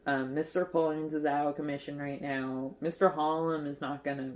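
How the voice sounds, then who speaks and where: A woman's voice: deep voice, flat delivery, normal speed, darkish tone. A woman casually recapping a movie as a crochet vlogger, chatty and giggly, with lots of fillers.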